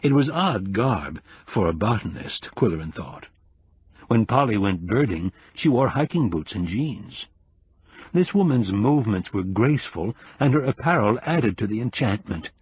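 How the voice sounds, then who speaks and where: A man narrating an audiobook in a measured, expressive storytelling manner. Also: on the low side, slightly rough, no echo.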